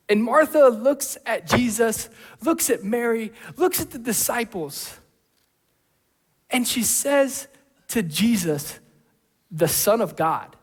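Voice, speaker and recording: A man preaching a sermon, acting out voices, going from shouts to hushed tones. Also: high-pitched. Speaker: pastor. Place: church hall. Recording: long hall reverb.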